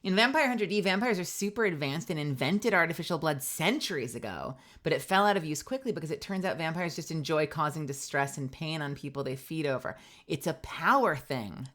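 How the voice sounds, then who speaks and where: A woman's voice: low voice, lively intonation, a little fast, few pauses, fairly bright tone. A woman voice actor chatting casually on a live stream, rambling with lots of fillers. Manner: rambling, many fillers, laughs often.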